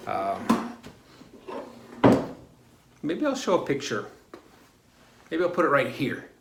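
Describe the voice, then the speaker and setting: A man's voice: on the low side, background noise. A middle-aged man vlogging casually from his home garage workshop, rambling and correcting himself as he explains a woodworking build. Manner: rambling, self-correcting, chatty.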